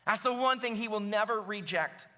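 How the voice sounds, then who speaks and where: Bright, high-voiced animated preacher. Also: male voice, moderate pace. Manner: animated, emphatic, addresses congregation directly. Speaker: pastor. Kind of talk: sermon. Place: church sanctuary.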